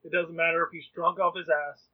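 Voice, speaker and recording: A man sits in on a tabletop role-playing game, joking as he lays out his character. His voice sits a little high. The sound is thin, like a phone line. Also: level tone, fast. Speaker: player. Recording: phone-like lo-fi audio.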